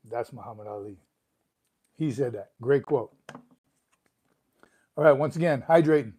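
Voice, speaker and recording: In a room at home, a man hosts a casual live stream, reading viewers' comments and greeting each person in turn. He talks at a moderate pace with frequent pauses, in a medium-pitched, darkish, slightly rough voice.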